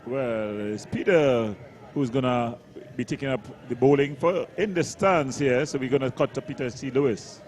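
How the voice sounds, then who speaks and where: A man's voice: mid-range voice, normal speed, a little mellow. A man giving chatty live colour commentary on a cricket match, analysing the game.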